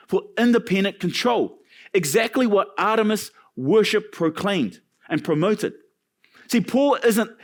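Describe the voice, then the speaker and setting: Animated, high-voiced male pastor preaching. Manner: animated preaching with jokes and asides. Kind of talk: sermon. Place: church.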